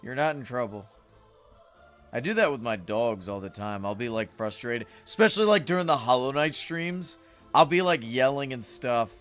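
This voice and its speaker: A man's voice: mid-range voice, expressive, normal speed, fairly bright tone, faint music behind. A man chatting casually with viewers while livestreaming a game, rambling and greeting chat. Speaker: streamer.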